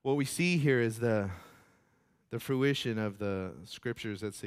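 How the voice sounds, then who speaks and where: A man preaching a sermon as pastor, animated and often repeating words. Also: mid-range voice, measured pace, clear, resonant tone.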